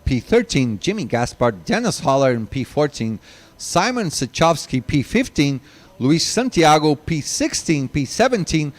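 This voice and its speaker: A man's voice: a little high, sing-song, measured pace. A man commentating live kart races, reading long lists of drivers and chatting to viewers, running out of breath. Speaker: race commentator.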